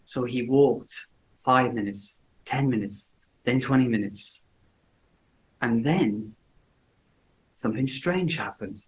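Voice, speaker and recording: A man telling a simple story slowly and clearly as an English teacher for learners. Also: medium pitch, poor audio. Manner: slow, clear, deliberate delivery.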